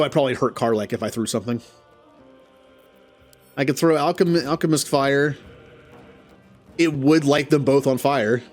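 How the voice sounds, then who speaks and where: A man hosting a let's play, thinking aloud about his moves with chuckles and self-deprecating remarks. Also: mid-range voice. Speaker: gaming channel host.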